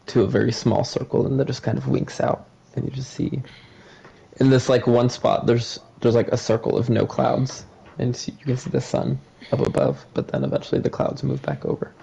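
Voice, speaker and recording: A man's voice: mid-range voice, normal speed, creaky, warm tone. A man narrating a tabletop game as game master, describing scenes in a rambling way with many fillers. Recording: muffled lo-fi with faint hiss.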